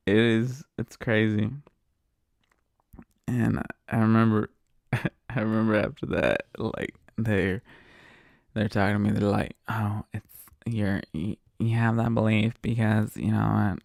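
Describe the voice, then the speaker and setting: A man's voice: fairly low pitch, takes it slowly, gravelly, pauses often, no room sound, studio quality. A man hosting a podcast, talking alone in a casual rant, swearing constantly and circling back over his points. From United States. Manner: swears constantly, repeats himself, animated venting. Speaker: podcast host. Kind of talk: casual profane monologue rant.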